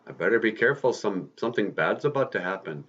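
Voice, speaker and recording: A man playing an eager teenage boy hero, speaking in excited, earnest exclamations. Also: lowish voice, fast, slightly rough, muffled recording.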